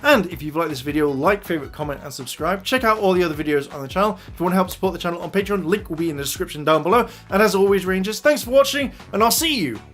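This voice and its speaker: A man's voice: sits high, animated, very fast, hardly any pauses, fairly bright tone, faint music behind. A man giving an enthusiastic casual review of TV episodes, retelling scenes and addressing his viewers. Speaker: video reviewer.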